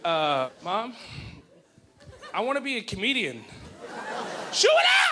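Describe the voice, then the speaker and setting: Brief: male stand-up comic, high voice, big crowd behind. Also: moderate pace. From grew up in Houston, Texas. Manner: animated, loud, joking. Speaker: stand-up comedian. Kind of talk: stand-up comedy. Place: comedy stage. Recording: live club with crowd and noise.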